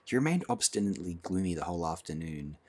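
Low, husky male audiobook narrator. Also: very animated, fast talker.

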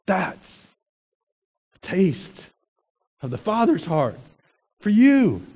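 A male pastor preaching a sermon in an animated way, asking the congregation rhetorical questions. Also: high-pitched, drawn-out words, slightly rough.

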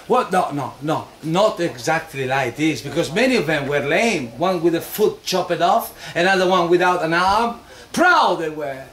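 Man doing a medieval jester friar, ironic, bursts into shouts, high-pitched. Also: slight background noise, exaggerated voice. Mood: rousing. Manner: theatrical, ironic praise, sudden shouted outbursts. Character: medieval friar jester preaching to a warlike crowd, man, mocking and exuberant. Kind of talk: one-man stage performance.

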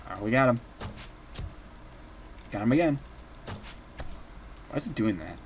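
A young man hosting a let's play, excitable, shouting and laughing as he comments on the game. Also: medium pitch, a little slow, a little hiss or hum. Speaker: gaming channel host.

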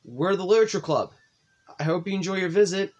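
A man's voice: high-pitched, lively intonation, fast, a little mellow, pitched above the performer's own voice. A man doing a shy, formal schoolgirl. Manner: polite and hesitant. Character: shy, formal tall teenage girl.

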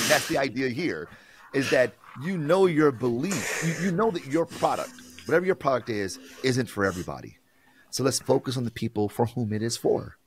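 Man, marketing professor, animated sermon-like talk, husky, dry close sound. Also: mid-range voice, a little fast, no echo. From United States. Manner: animated, preachy, acts out quoted exchanges. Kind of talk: passionate podcast conversation.

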